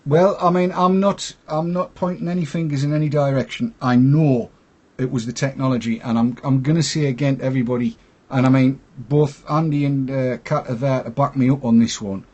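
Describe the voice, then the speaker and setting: A man's voice: mid-range voice, fairly even intonation, fairly quick, a little mellow, highs cut off. A man hosting a casual online chat show, talking in a jokey, self-deprecating way. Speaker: host.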